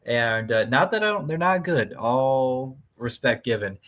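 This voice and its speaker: A young man co-hosting a casual comics chat, rambling with lots of fillers and quick laughs. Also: medium pitch, fairly bright tone. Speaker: podcast co-host.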